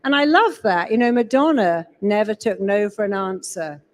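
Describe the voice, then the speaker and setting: A woman's voice: medium pitch, moderate pace. A woman giving a live seminar talk on a stage, emphatic, slipping into quoted voices to make her points. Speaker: speaker. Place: large event hall.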